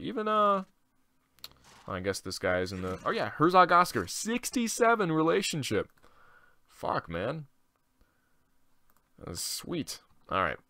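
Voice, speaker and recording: Young male gaming host, bright, forceful voice; loose, profane, thinks out loud. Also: mid-range voice, dry recording. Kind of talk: casual let's-play commentary.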